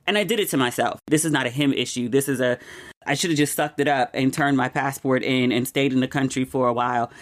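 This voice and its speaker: A woman hosting her own podcast, talking casually and candidly with frequent "like" asides, and getting emotional and animated over personal news. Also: very deep voice, quick pace. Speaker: podcast host. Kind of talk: casual chatty monologue.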